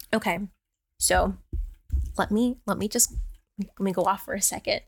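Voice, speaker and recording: A woman co-hosting a podcast, chatting casually and reading novel excerpts, animated, exasperated and swearing freely. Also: medium pitch, moderate pace, gravelly, long pauses. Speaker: podcast co-host. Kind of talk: casual book-club chat.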